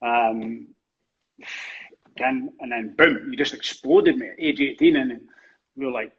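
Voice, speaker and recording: A man hosting a relaxed podcast chat, in a mid-pitched, everyday voice. He sits a little off the mic, and the sound is dull and lo-fi. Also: measured pace. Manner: relaxed, chimes in with short agreements. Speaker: podcast host. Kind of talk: casual chat.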